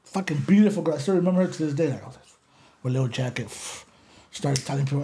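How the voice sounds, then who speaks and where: A podcast guest from the Los Angeles area tells a casual story in an interview, his fairly high voice coming out rapid-fire. He's animated and profane, switching between English and Spanish.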